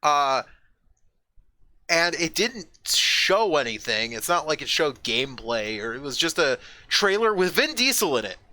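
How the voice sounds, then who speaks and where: A man streaming live, chatting casually and rambling, with frequent swearing and sudden excited outbursts. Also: a little high, measured pace. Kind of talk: casual chat. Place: at home with a roommate nearby.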